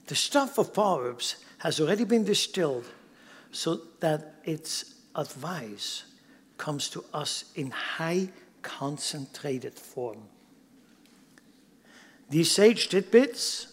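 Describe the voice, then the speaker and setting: High-voiced preacher in a reverberant hall. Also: male voice. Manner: preaching with sudden loud emphasis and drops to near whisper. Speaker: pastor. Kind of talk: sermon.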